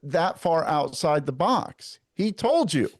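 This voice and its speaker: A man who hosts his own show, a guest here, talking politics in a measured, emphatic way. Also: on the high side, big pitch swings, no room sound, clean studio sound. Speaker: guest, podcast host. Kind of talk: casual political chat.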